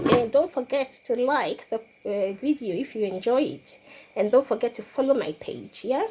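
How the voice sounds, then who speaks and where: A woman's voice: a little high, lively intonation, moderate pace, darkish tone, slight background noise. A middle-aged woman from Ghana chatting casually to her viewers as she cooks in her home kitchen, laughing often. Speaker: cooking vlogger. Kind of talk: casual cooking demonstration.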